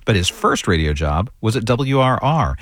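A man reading a scripted history segment in a measured storytelling manner. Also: lowish voice, very animated, fairly bright tone, no echo, clean studio sound. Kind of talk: scripted narration.

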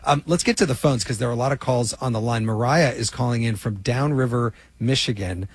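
A man hosting a national radio call-in show, relaxed and conversational with a teasing edge. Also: mid-range voice, brisk, breathy edge, no room sound.

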